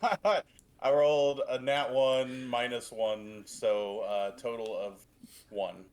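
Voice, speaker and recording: A man's voice: mid-range voice, takes it slowly, darkish tone, slight background noise. A man playing in a tabletop game, making dry, self-mocking remarks. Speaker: player. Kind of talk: casual play at the table.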